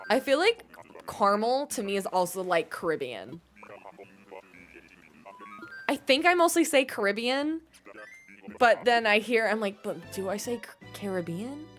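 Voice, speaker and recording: A woman's voice: medium pitch, very animated, moderate pace, long pauses, a bit bright, soft background music. A young woman streaming a game, chatting casually with viewers, giggling and musing about how words are pronounced. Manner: bubbly, giggly, reads out chat and muses on word pronunciations. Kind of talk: casual livestream chat with viewers.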